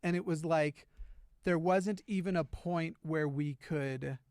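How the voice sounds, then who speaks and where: A man's voice: fairly high pitch, slow, darkish tone, clear, resonant tone, no room sound, studio quality. A man talking casually on a livestream, hesitant, with many "uh" and "like" fillers and restarts. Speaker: livestreamer in a played clip.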